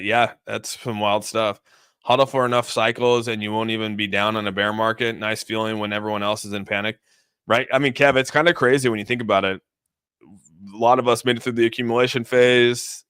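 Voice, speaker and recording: A man with a lowish, steady, fairly bright and smooth voice talks briskly while livestreaming, casually going over crypto charts. He's loose and chatty, restarts often, and reads out donor messages from viewers. The sound is clean and studio-like with no echo.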